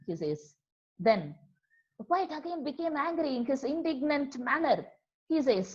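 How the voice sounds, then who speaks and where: Female literature teacher with a Tamil-influenced Indian English accent, high voice, repeats and spells out key words, muffled online audio. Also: big pitch swings. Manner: explains slowly, repeats key words, switches into Tamil to gloss. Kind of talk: online poetry lesson.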